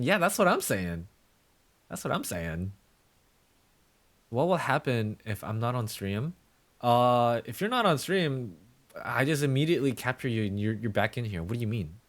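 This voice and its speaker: A male streamer chatting casually with his viewers, playful and teasing in mock-villain banter. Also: medium pitch.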